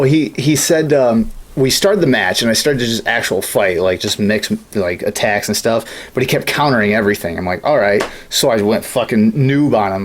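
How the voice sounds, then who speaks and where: A man in casual studio chat, telling long gaming stories with lots of swearing and laughter. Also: on the low side. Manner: rambling storyteller, swears often, laughs at his own stories. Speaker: podcast co-host.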